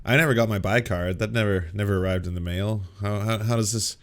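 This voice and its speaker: A man's voice: on the low side, fast. A man hosting a reaction commentary, making sarcastic, mocking asides. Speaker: commentary channel host.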